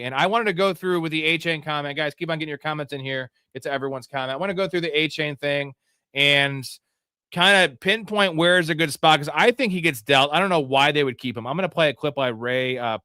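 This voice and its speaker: A man's voice: on the high side, a little fast, pushed and bright, clean tone, no room sound, clean studio sound. A young man co-hosting a live sports stream, telling crude stories in a rambling way with lots of fillers. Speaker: co-host. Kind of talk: casual live-stream chat.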